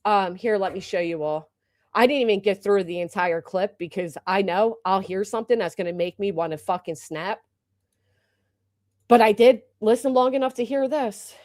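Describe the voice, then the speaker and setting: A woman's voice: mid-range voice, normal speed, a little mellow, dry recording, studio quality. A woman hosting a livestream, delivering an upset and indignant rant full of profanity. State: upset and agitated. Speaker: livestream host.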